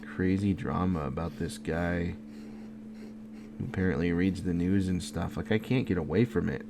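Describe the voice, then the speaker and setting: A man's voice: sits low, moderate pace, vocal fry. A man casually rambling at midnight as he draws, sleepy and yawning, talking half to himself. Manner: relaxed, rambling, muttering to himself. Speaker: video creator drawing. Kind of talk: casual late-night drawing chat. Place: home art setup at night. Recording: noticeable background noise.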